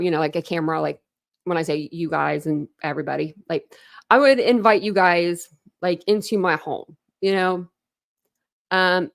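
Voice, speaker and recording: A woman's voice: medium pitch, dry recording, studio quality. A woman hosting a true crime commentary stream, chatting in a rambling, teasing way. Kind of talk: casual reaction commentary.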